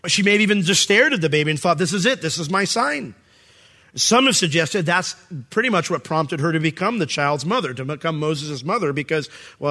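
In a sermon, a middle-aged pastor speaks with a voice on the high side. He's animated and quick to perform voices, often restarting and using fillers.

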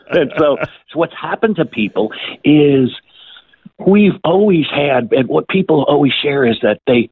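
A man's voice: medium pitch, animated, a little slow, slightly rough, no room sound. A man telling stories as an author in an interview, chatty, repeating words and acting out the people he quotes. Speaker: author and guest. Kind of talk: casual storytelling interview. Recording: tinny phone-line sound.

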